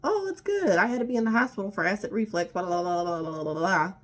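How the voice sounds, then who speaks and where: A woman's voice: medium pitch, expressive, fast, voice pushed up, close to an everyday voice. A woman mimicking her former friend as a breezy, self-important woman who talks in an offhand, airy way.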